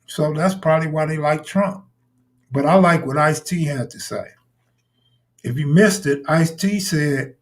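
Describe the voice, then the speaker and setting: Unhurried and on the high side, a man riffs casually on a live stream, bluntly swearing and replying to his chat viewers.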